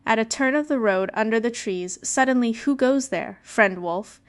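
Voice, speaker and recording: Female storybook narrator; lively, with a smooth, resonant voice. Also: a little high, moderate pace. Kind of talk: storybook reading.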